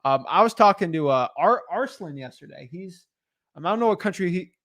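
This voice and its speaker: A man's voice: high voice, expressive, fairly quick, fairly bright tone, no room sound. A young man co-hosting a live stream, talking emphatically and repeating his points. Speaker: co-host of a live real estate stream.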